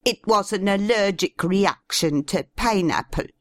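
A woman voicing a vain, theatrical aging female television star with a grand, drawn-out delivery. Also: medium pitch, dry recording, clean studio sound, pitched above the performer's own voice, lightly acted. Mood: indignant.

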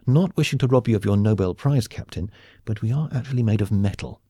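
A man's voice: lowish voice, brisk, mellow, husky, no echo. A man voicing a dry, sarcastic young woman pilot in an audiobook. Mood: sardonic. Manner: dry, sarcastic, matter-of-fact.

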